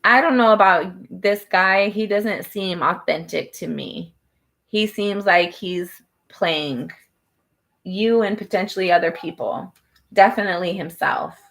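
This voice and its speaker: Woman tarot reader, mid pitch, rambling conversational delivery, casual to camera. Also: unhurried, creaky, a bit bright. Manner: chatty, rambling, many "like" fillers.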